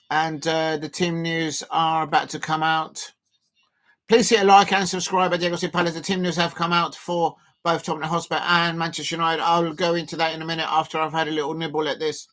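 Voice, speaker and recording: A man streaming a live football watch-along, chatting loosely with lots of fillers and sudden bursts of excitement. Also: fairly high pitch. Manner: rambling, filler-heavy, bursts of excitement at chances.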